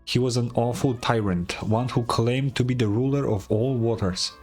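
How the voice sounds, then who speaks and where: A man's voice: mid-range voice, normal speed, darkish tone, breathy edge, faint music behind, lightly acted. A man voicing a boastful, pompous male rebel leader who tells his tale in grandiose tones. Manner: grandiose storytelling.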